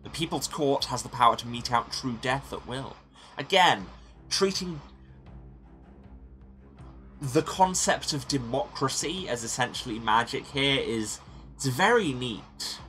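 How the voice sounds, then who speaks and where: A man's voice: medium pitch, animated, unhurried, pauses often, sharp tone, faint music behind. A man hosting a let's play, reading story text aloud and musing on his choices with wry humor. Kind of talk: reading game text and commenting.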